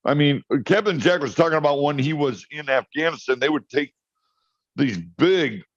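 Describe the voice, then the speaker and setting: A man chatting as a guest on a talk show, telling stories in an animated way and often restarting his sentences. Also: on the high side, normal speed, dry recording, lo-fi sound. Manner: storytelling, animated, repeats words when starting. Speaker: guest, cannabis grower. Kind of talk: casual talk show chat.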